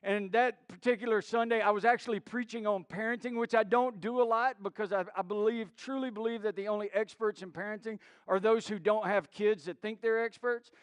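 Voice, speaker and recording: A man's voice: sits high, fairly even intonation, fairly quick, few pauses, clean tone, no echo. A middle-aged man preaching a sermon, telling stories with many restarts and acted-out quotes. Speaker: pastor.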